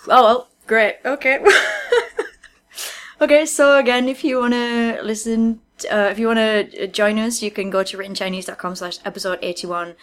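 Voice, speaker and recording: A woman's voice: fairly high pitch, steady tone, normal speed. A woman co-hosting a podcast, chatting casually and laughing often, with frequent restarts. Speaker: podcast co-host. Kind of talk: casual chat.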